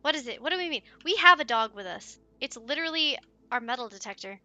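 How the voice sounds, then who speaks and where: A woman playing through a video game with excitable, giggly commentary. She sits high in her range with a bright, sharp tone. She gasps and coos at the in-game pets and chats freely to her viewers. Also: fast talker, no echo, highs cut off, faint music behind. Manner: excitable and giggly, gasping and cooing. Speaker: let's play streamer. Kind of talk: let's play commentary.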